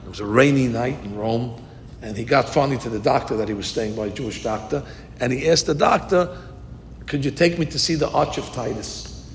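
A man teaching a Talmud class, moving between explanation and storytelling and lifting his voice whenever he quotes Hebrew verses. His voice sits at an ordinary middle pitch and carries a long reverb through a large hall, with a faint low rumble underneath. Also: fairly quick. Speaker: Torah teacher.

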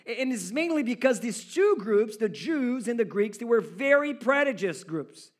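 A man's voice: very high-pitched, very animated, normal speed. A male pastor preaching a sermon in an emphatic, rhetorical way, speaking straight to his listeners. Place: church service.

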